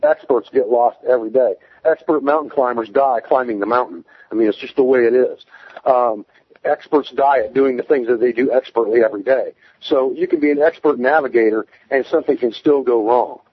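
Husky-voiced man explaining survival matter-of-factly. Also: medium pitch, brisk, dull audio. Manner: emphatic, plain-spoken, instructive. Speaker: survival expert guest. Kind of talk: casual interview.

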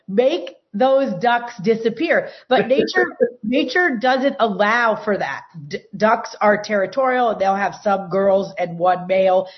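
A woman telling long, animated stories from her farm in casual talk, with many restarts. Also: on the low side. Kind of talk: casual storytelling. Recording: dull, muffled sound.

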